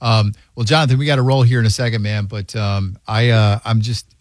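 Lower-voiced host guy, rambly, lots of likes and ums, dry sound. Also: steady tone, brisk, no room sound. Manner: rambling, warm-hearted, filler-heavy. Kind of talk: casual podcast chat.

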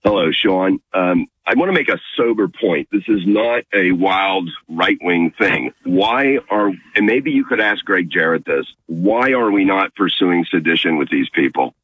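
Deep husky male caller on a phone line. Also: animated, unhurried, few pauses, no room sound.

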